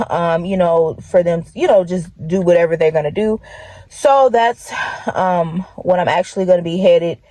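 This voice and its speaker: A woman's voice: on the low side, warm tone. A young woman in a casual pregnancy update vlog, chatty and loose, joking and laughing between her points. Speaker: vlogger. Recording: echoey room.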